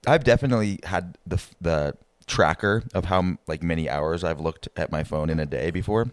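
A man's voice: low-pitched, fairly quick, dry recording. A man co-hosting a podcast in casual chat, laid-back and agreeable, often trailing off. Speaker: podcast co-host.

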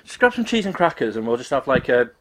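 Young bloke rambling thru a story, swearing a lot. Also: male voice, mid-range voice, big pitch swings, fast talker. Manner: swears freely, acts out quotes. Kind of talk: casual chat, storytelling.

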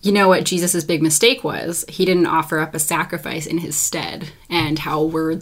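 A woman in casual conversation about a film, talking in a chatty, filler-heavy way and chiming in with quick agreement. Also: low voice, steady tone.

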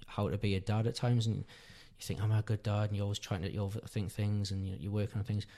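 Earnest dad telling a story. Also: male voice, on the low side, level tone, fast talker, dark tone. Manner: rambling, self-correcting, earnest. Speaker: podcast guest, father. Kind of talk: casual storytelling chat.

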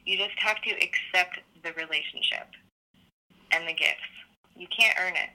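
A woman's voice: fairly low pitch, normal speed, pushed and bright. A woman with a Canadian accent, a podcast guest calling in, who speaks earnestly and keeps repeating her point. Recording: tinny phone line.

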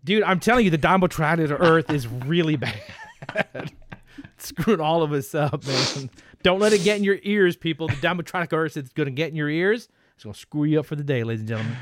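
A man's voice: a little high, lively intonation, brisk. A man co-hosting a casual podcast, telling stories animatedly with laughs and swearing. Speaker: podcast co-host. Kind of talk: casual chat.

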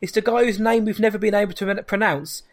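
High-voiced upbeat podcast host. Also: male voice, fairly even intonation, a little fast. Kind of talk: casual podcast chat.

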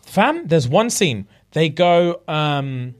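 A man hosting a podcast, telling a story in animated, slangy casual chat. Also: fairly high pitch, slow pace. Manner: animated, slangy, acts out the people he describes. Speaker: podcast host.

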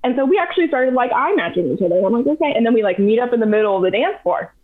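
A woman's voice: on the high side, racing. Chatty woman telling a story over tinny audio. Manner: chatty, animated, heavy use of "like". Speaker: podcast guest. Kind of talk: casual storytelling.

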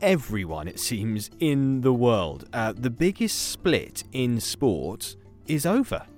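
A man co-hosting a daily news round-up podcast, chatting in a lively way and laughing easily. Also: medium pitch, takes it slowly, soft background music. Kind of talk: upbeat news round-up chat.

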